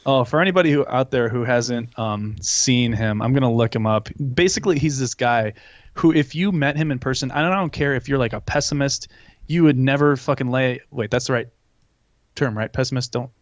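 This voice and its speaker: A man's voice: medium pitch, a little fast, no room sound. Rambling, swearing young man on a lo-fi mic. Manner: rambling and profane, with many restarts. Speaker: podcast host. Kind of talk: casual chat.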